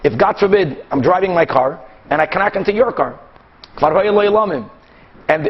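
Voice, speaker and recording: High-voiced animated rabbi teaching Talmud. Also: male voice, muffled recording. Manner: animated, acts out both sides of cases with quick back-and-forth. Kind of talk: Talmud class lecture.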